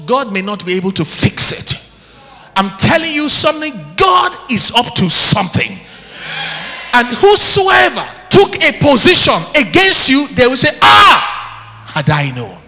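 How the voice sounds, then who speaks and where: A man preaching an impassioned sermon, shouting one moment and dropping low the next, recorded live in church. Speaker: pastor. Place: church hall. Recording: live church recording with long hall reverb.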